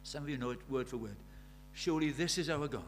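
A middle-aged man preaching a sermon. He drops to near-whispers and then rises to loud, urgent questions. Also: a little high, quick pace, soft background music. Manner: swings from hushed intimacy to loud urgent questions.

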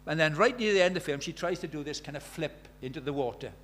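Brief: male preacher, fairly high voice, lively delivery, chatty asides between loud bursts and hushed moments. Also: quick pace. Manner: animated, swings from loud exclamations to quiet intimate tones; conversational, uses quoted dialogue and filler words. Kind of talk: sermon.

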